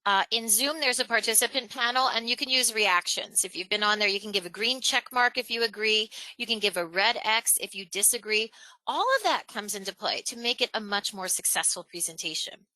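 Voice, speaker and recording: A woman giving an online presentation-skills webinar, energetic and emphatic, who varies her tone and pace on purpose. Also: mid-range voice, a little fast, no room sound, poor audio.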